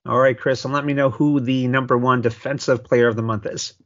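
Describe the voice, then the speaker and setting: A man's voice: medium pitch, steady tone, a little fast, a bit bright. A man co-hosting a hockey podcast in casual chat, laid-back and teasing, often chuckling. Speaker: podcast co-host. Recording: dull lo-fi audio.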